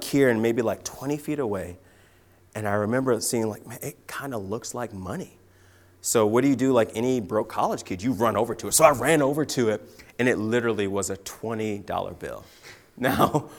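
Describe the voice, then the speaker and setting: A young man preaching a sermon, telling personal stories with lively swings from loud excitement to quiet, hushed emphasis. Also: mid-range voice. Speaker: guest preacher.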